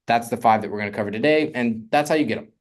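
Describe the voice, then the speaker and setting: A young man coaching on real estate funding in a casual, energetic teaching talk, often asking "right?". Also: medium pitch, rapid-fire.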